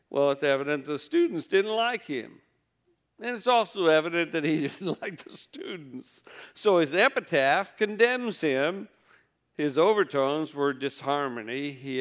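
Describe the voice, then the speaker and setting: A man's voice: fairly high pitch, fairly bright tone, clean tone. A man preaching a sermon, telling folksy stories with wry humor.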